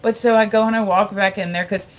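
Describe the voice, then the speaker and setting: Speaking quickly in a steady, mid-range voice, a woman in her forties spins a long, meandering story for her livestream audience. She swears without hesitation, relies heavily on "like," and stops to thank and chat with viewers between stories. The audio quality is poor.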